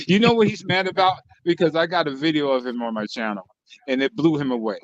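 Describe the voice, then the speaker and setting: A man chatting with friends on an online stream, spinning a story with lots of swearing and laughter and mimicking other people's lines along the way. His voice is a bit on the high side for a man. The sound is dull and lo-fi, dry, with no room around it. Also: normal speed, dry recording. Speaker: channel host telling stories to co-hosts. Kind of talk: casual group chat on an online stream.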